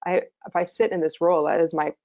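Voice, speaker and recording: A woman with a very low, gravelly voice hosts a webinar over a video call. She speaks earnestly as a practitioner and keeps restarting her sentences. The sound is dry and close. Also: flat delivery, fast talker, darkish tone, no echo. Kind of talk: webinar conversation.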